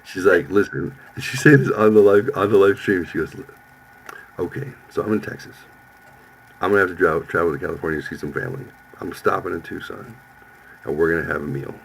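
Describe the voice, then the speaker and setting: Man in his fifties, profane storyteller, low voice, faint hiss. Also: brisk, vocal fry, rough recording. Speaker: podcast host. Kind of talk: casual storytelling chat.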